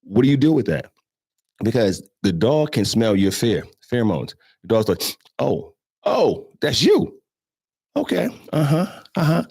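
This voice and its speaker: Brief: low-voiced man, blunt instructor asking rhetorical questions, dry close sound. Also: a little mellow, no room sound. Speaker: show host, animal handler. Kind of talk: casual instructional talk.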